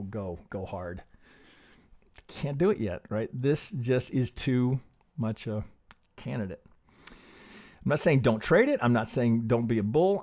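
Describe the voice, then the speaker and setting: Animated man rambling through chart analysis. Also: medium pitch. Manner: animated, rambling, self-interrupting, casual swearing. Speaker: trading analyst.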